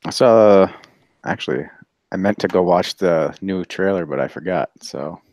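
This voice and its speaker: A man with a very low voice who talks slowly on a podcast. His replies are short and easygoing. The sound is dry and close, with no room echo. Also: darkish tone. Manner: laid-back, brief replies. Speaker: podcast co-host. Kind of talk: casual podcast chat.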